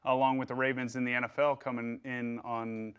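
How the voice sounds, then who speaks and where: A man's voice: medium pitch, flat delivery, brisk, smooth, muffled recording. A man hosting a studio sports panel, steering the talk with questions and upbeat intros. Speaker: show host.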